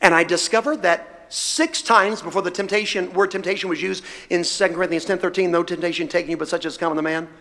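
A man's voice: sits high, fairly even intonation, fast, few pauses, sharp tone. A man preaching a sermon to a congregation, fervent and emphatic, his voice rising in bursts as he presses his points. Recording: reverberant hall sound.

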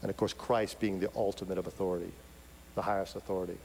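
A man preaching a sermon, swinging from loud, emphatic peaks to soft, intimate asides. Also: sits low, level tone, fast talker, vocal fry. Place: large church sanctuary. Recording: hall reverb, faint hum.

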